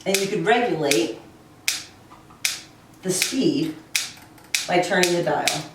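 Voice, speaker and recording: A woman teaching a music lesson beside a piano, explaining slowly and counting beats aloud. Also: fairly low pitch, expressive, distant mic, very noisy. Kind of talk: recorded classroom lesson. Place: room with a piano. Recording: very echoey room, voice away from mic.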